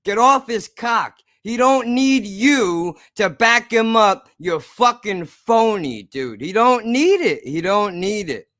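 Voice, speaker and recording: A man's voice: high voice, big pitch swings, slow pace, few pauses, a bit bright, no echo, studio quality. A man ranting angrily to camera in a video blog, profane, sarcastic and repetitive. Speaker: YouTube creator. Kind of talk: angry ranting vlog to camera.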